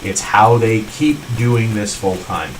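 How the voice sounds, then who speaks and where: A man's voice: on the low side, expressive, takes it slowly, far from the mic, slight background noise, low-quality recording. A man co-hosting a podcast in casual chat, explaining at length and often agreeing with "right". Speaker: podcast co-host.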